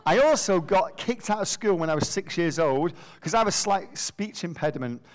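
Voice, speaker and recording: A man's voice: high voice, moderate pace. Self-mocking man telling stories, slightly slurred. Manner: self-deprecating, animated storyteller with a slight slur. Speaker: schools worker and preacher. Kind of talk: humorous storytelling talk.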